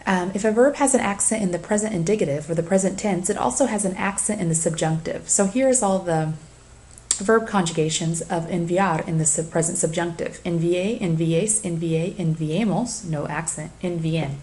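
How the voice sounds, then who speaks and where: A woman teacher giving a recorded lecture for a flipped class, slowly reading lists of verb forms and giving assignments. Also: lowish voice, darkish tone. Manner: deliberate, reads conjugations aloud in lists. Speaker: Spanish teacher.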